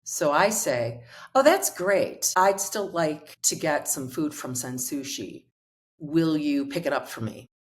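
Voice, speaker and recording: Middle-aged woman guest, coach, low register, animated storyteller. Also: measured pace. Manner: animated storyteller acting out quoted dialogue. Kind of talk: conversational storytelling.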